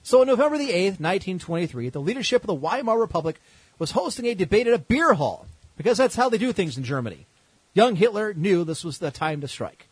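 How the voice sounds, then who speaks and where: A man's voice: sits high, big pitch swings, fast talker, breathy edge, no room sound, poor audio. A man hosting a podcast, telling history as comedy with sarcastic, irreverent asides. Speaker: podcast host.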